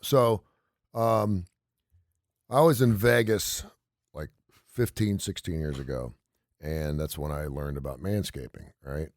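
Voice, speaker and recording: A man's voice: sits low, dry recording, clean studio sound. A man in his forties co-hosting a radio show, telling stories and joking in casual banter. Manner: animated, jokey storyteller.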